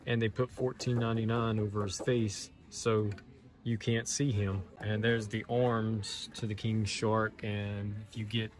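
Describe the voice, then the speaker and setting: A man's voice: lowish voice, unhurried. Sarcastic man toy-hunting vlogger. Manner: sarcastic, mock-excited; loud, animated outro. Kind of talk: casual vlog narration.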